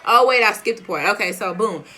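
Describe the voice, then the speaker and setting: Bright-voiced Texan woman telling a story. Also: medium pitch, brisk. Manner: animated, slangy, laughing through the story. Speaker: vlogger. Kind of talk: casual storytelling.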